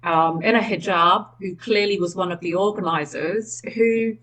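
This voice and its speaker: A middle-aged woman with a Swindon accent, recounting events in casual, animated conversation. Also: medium pitch, normal speed, low-quality recording. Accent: English, Swindon. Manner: chatty, animated storytelling with restarts. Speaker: independent election candidate.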